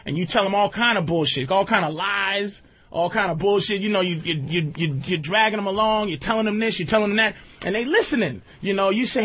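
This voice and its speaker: A radio host with a high, husky, slightly fast voice talks loosely and at length about dating, drifting into frequent asides. It's rambling, conversational, comedic relationship talk, heard through a dull lo-fi broadcast.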